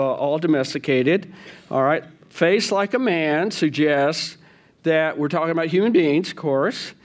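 A man leading a Bible study in a conversational way, often checking in with his listeners and asking them questions. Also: a little high. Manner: informal, with fillers and self-corrections.

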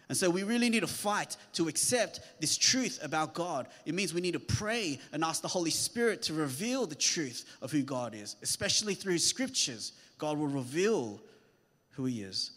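A man preaching a sermon in an earnest voice that climbs to emphatic peaks. His voice sits a little high for a man. A long reverb trails each phrase, as in a large hall. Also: a bit bright.

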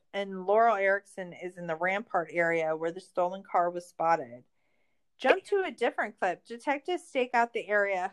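A woman podcast host in a casual recap chat, ranting in exasperation and swearing a lot. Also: mid-range voice.

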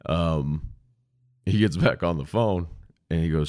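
A man with an extremely deep, low voice tells a story casually and candidly as a podcast host. He swears frankly and talks in a loose, conversational way. The recording is dry and close. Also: a little slow, a little mellow, dry recording. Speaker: podcast host, former 911 dispatcher.

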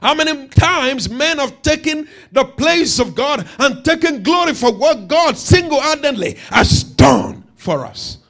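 A man preaching a sermon emphatically, repeating key phrases and rising to shouts. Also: very high voice, expressive, unhurried, few pauses.

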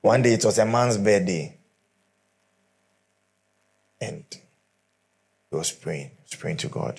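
A man's voice: on the low side, animated, slow pace, vocal fry, pauses often, darkish tone. A middle-aged man, preaching a sermon through humorous storytelling.

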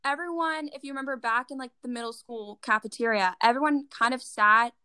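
Teen girl, chatty storyteller, bright and close-miked. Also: on the high side, brisk, clear, resonant tone, dry recording. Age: teens. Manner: chatty, fillers like "like", animated retelling. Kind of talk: casual chat.

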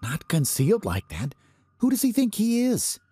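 A man reading aloud voices a nervous, bitten man who turns shrill and panicky, his voice pitched well above the reader's own. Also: wildly swooping pitch, normal speed, dark tone, husky, dry recording, full character voice.

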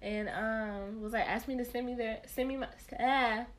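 A woman's voice: on the high side, steady tone, moderate pace. A young woman co-hosting a podcast, telling a story in casual chat with many fillers and acted-out dialogue. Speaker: podcast co-host.

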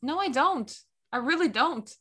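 Bright-voiced woman from Portugal. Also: high voice, moderate pace. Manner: chatty, animated, self-mocking. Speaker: book podcast co-host. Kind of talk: casual chat.

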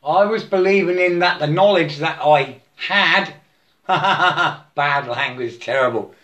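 Slow, rambling man chanting mantras. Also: on the high side, sharp tone. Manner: halting, repetitive, chanting mantras, laughing to himself. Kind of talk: rambling spiritual monologue.

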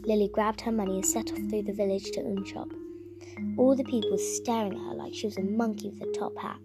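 A woman's voice: medium pitch, steady tone. A woman reading a story aloud, stumbling and restarting now and then. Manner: halting, with frequent restarts. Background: music.

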